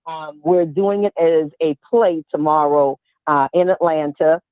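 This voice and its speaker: A woman's voice: low-pitched, steady tone, measured pace, dry recording, narrow, tinny audio. A woman on a radio panel playfully apologizing and announcing an upcoming event. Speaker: radio panelist and play director. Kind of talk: casual radio chat and announcement.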